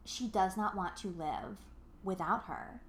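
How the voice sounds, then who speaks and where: A young woman co-hosts a podcast, chatting casually in an unhurried, rambling way full of fillers and curse words, and she gets emotional. Her voice sits at an ordinary middle pitch, and the roomy recording has a noticeable echo.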